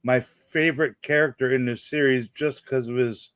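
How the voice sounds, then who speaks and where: A man hosts a casual after-show chat at an ordinary middle pitch. He keeps things easygoing and laughs often, with his voice sounding dry and close, without room echo. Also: steady tone, moderate pace, fairly bright tone, clear, resonant tone. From Canada. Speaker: show host.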